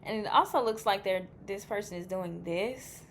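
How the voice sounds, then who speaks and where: A woman's voice: medium pitch, normal speed, a little hiss or hum. A woman giving a casual pick-a-card tarot reading. She is chatty and blunt, swears freely, and thinks aloud as she reacts to the cards.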